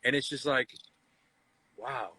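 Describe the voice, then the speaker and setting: A man's voice: mid-range voice, takes it slowly, sharp tone, husky, dry recording, poor audio. A man in his forties hosting a casual live chat, telling stories and acting out the voices he quotes. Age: 40s. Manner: storytelling, acts out quoted voices. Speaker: host.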